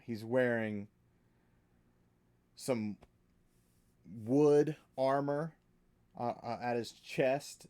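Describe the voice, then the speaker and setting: A man running a tabletop game as game master, describing the scene in a slow, halting way. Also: medium pitch, darkish tone.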